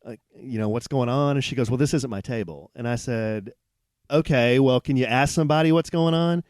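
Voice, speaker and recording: A man's voice: mid-range voice, brisk, clean tone, no echo, clean studio sound. Man telling a rambling story. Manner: animated, rambling storyteller with restarts. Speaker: podcast co-host. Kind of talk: casual storytelling chat. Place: hotel room, on a bed.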